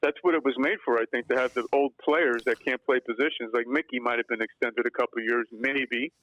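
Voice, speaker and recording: A man co-hosting a casual sports podcast, chatty and quick to ask questions back and agree. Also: medium pitch, steady tone, a bit bright, no room sound, dull audio. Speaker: podcast co-host.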